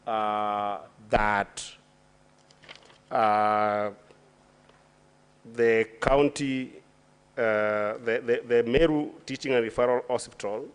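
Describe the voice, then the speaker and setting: A Kenyan man's smooth, mid-range voice holds a steady tone as he questions a witness as a senator at a formal hearing. Speaking deliberately in the senate chamber, he uses many fillers and restarts.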